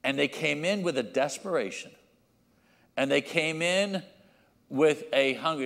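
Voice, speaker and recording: A man preaching a sermon as pastor, acting out his children and church members with lively changes of voice. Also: a little high, a little slow, vocal fry, pauses often, in a large hall.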